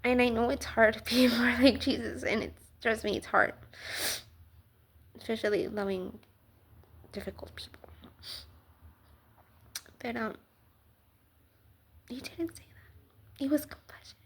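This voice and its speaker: High-voiced woman, slow animated faith talk. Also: creaky, husky. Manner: animated, swings from exclamations to soft near-whispers. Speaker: Christian vlogger. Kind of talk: casual faith talk to camera.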